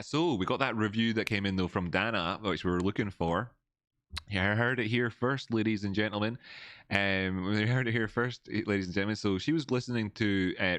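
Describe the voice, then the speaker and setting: A man hosting a relaxed livestream chat from indoors. He rambles and restarts his sentences, and now and then reads viewers' messages aloud. His voice sits very low and the recording is dry and close. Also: no echo. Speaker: livestream host. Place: old building, indoors.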